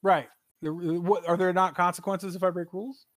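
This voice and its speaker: A man's voice: high-pitched, little pitch movement, moderate pace, dry recording, studio quality. A man hosting a casual gaming podcast, rambling and joking and swearing freely. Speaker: podcast host.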